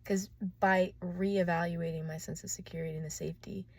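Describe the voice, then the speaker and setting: A woman speaks in an intense, profane confessional monologue, dropping to a hush and then rising loud. Her voice sits a little low with a gravelly edge. The sound is dry, with no room echo. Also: steady tone, brisk. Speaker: vlogger.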